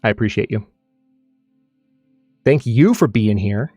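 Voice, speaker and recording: A man hosts his own live stream in loose casual chat, rambling along with frequent restarts. His voice sits somewhat low and sounds dry and close on the mic. Faint music runs under him. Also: unhurried, dark tone, slightly rough, dry recording. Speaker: streamer and channel host.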